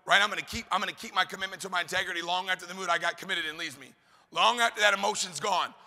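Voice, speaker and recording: Pumped-up guy yelling motivation at a crowd, high gravelly voice, big echoey hall. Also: racing. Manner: hyped, shouting, call-and-response questions. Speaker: motivational speaker. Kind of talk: high-energy motivational speech to a live audience. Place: large event hall. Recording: hall reverb, live event.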